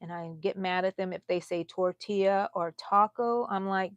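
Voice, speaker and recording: A woman's voice: mid-range voice, fairly even intonation, normal speed, hardly any pauses, no room sound, highs cut off. Chatty middle-aged woman, dry close sound. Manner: chatty, laughs often, talks to viewers by name. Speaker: crochet vlogger. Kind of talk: casual live-stream chat.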